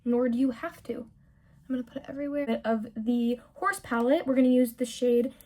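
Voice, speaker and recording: A woman's voice: fairly high pitch, brisk, warm tone. A young woman talking through a casual makeup tutorial, chatty and candid, gushing about products and swearing freely when she rants. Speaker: beauty vlogger.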